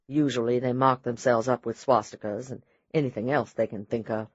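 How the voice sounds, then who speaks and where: A man's voice: mid-range voice, fairly even intonation, a little fast, slightly rough, no room sound, muffled recording, lightly acted. A man voicing a guarded, tense young woman. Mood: explaining.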